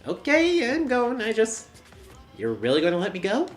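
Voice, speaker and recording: A woman's voice: on the high side, wildly swooping pitch, moderate pace, faint music behind. A woman hosting a let's play, reading game dialogue aloud in a playful, punning way.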